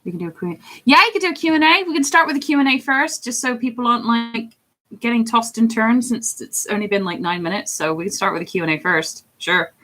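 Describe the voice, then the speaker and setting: A young woman chatting casually on a live stream, giggly and self-deprecating, her pitch swinging widely as she answers viewers. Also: lively intonation, fast talker, a bit bright.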